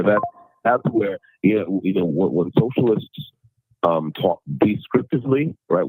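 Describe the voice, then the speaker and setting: Man, extremely deep voice, halting and repetitive, dry, tinny remote-call audio. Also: husky, dry recording. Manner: halting, many repeated words and restarts. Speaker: interview guest. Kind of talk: casual conversational explanation.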